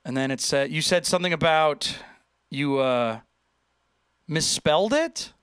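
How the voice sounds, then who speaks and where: A man hosting a casual livestream, chatting in an animated way, joking and reading viewer comments aloud. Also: fairly high pitch, a little slow, clean tone, no room sound, clean studio sound. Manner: chatty, animated, reads chat aloud and jokes. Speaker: livestream host reacting to viewer posts.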